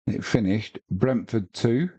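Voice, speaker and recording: A man's voice: lowish voice, takes it slowly, dark tone, breathy edge, no echo. A man hosting a live football watch-along, commentating and chatting casually with viewers. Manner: chatty, talks to viewers and reads out chat messages.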